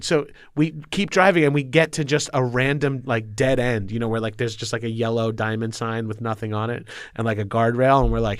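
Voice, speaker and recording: A man's voice: medium pitch, fairly quick, no room sound, studio quality. A man from Long Island, telling a story as a podcast guest in loose, rambling chat. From Long Island, New York. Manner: loose, rambling, swears and laughs often.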